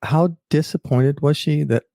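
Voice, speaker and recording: A man's voice: a little high, unhurried, gravelly, warm tone, no echo, clean studio sound. A man hosting a podcast, asking curious, teasing questions in casual chat. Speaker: podcast host.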